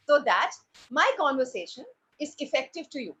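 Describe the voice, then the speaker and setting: Woman drama teacher, lively high voice, dull lo-fi sound; pausing deliberately, stressing key words. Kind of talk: presentation to parents. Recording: dull lo-fi recording.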